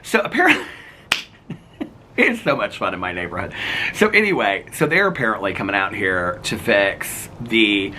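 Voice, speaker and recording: A man films himself outdoors in a residential neighborhood, chatting to his camera. He tells neighborhood gossip in an animated way and laughs often, and his pitch rises and falls widely. His voice is bright and forward, with a faint hiss behind it. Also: moderate pace. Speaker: vlogger. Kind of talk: casual outdoor vlog chat. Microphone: handheld camera.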